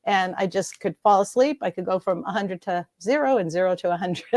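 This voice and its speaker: A middle-aged woman guest who talks fast and bubbly, laughing often as she tells stories in a lively interview chat. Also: mid-range voice, no room sound, clean studio sound. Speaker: guest speaker.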